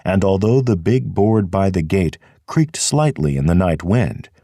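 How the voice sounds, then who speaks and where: A man reading an audiobook in a measured, expressive narration. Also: sits low, vocal fry, no room sound, studio quality. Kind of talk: scripted narration.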